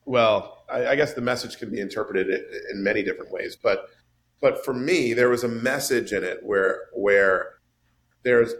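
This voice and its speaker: A man in casual podcast chat about a film, animated and swinging his voice up high for emphasis. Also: normal speed. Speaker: podcast panelist discussing a film.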